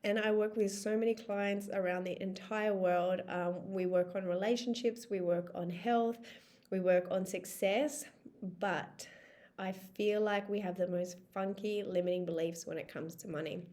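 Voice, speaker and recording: A woman in her thirties coaching her viewers in a relaxed vlog monologue. She sounds chatty and emphatic, with a middle-pitched voice, and she swears casually to drive a point home. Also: normal speed. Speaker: life coach.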